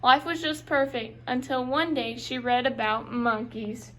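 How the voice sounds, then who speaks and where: A young woman reading a children's book aloud, in clear, carefully paced read-aloud style. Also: fairly high pitch, steady tone, a little slow, bright, forceful tone, slight background noise, rough recording. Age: young adult. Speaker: reader.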